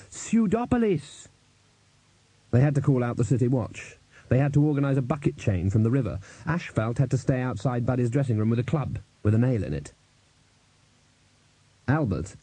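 Dark, husky male audiobook narrator. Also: mid-range voice, no room sound. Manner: wry, measured storytelling. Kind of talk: scripted narration.

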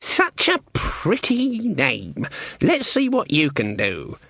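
A man voicing a stern, sharp-tongued old witch woman with a mocking, bossy manner. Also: high-pitched, wildly swooping pitch, takes it slowly, creaky, breathy edge, no room sound, voice pushed up, full character voice. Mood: scornful.

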